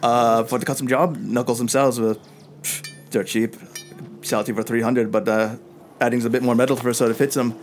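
A man voicing a gruff, businesslike male dwarf blacksmith in a put-on Scottish accent. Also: medium pitch, steady tone, a little fast, soft background music, lightly acted.

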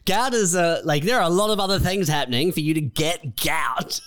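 A man's voice: fairly high pitch, moderate pace, a bit bright. A man co-hosting a casual podcast chat, answering in a laid-back, teasing way. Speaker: podcast co-host.

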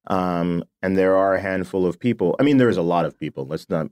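A man's voice: deep voice, a little fast, darkish tone, smooth, no room sound, studio quality. A man, a puppeteer, chatting casually as an interview guest, talking with many fillers and restarts and laughing often.

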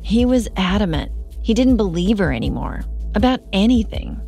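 A woman hosting a podcast, reading a scripted true-crime narration in a measured, serious way. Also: medium pitch, lively intonation, creaky, dark tone, soft background music.

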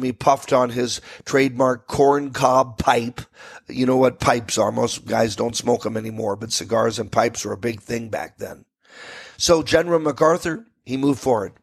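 A man's voice: mid-range voice, gravelly, husky. An American man hosting a radio talk show from a studio, telling history in a folksy, rambling way with asides to listeners.

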